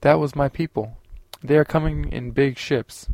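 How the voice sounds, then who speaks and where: A man reading the lines of a stranded human soldier in an audiobook, calm and firm. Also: fairly high pitch, normal speed, no room sound, close to an everyday voice. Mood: excited.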